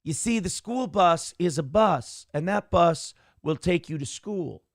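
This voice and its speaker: A man doing a mocking impression of a condescending woman politician, slow and sing-song, with a put-on Southern drawl. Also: high voice, animated, gravelly, no echo, clean studio sound, heavily acted.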